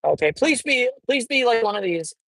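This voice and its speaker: A woman's voice: on the high side, animated, normal speed, fairly bright tone, no room sound, poor audio. A woman vlogging casually while driving, rambling with lots of fillers and swearing now and then inside a car. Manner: rambling, profane, many fillers.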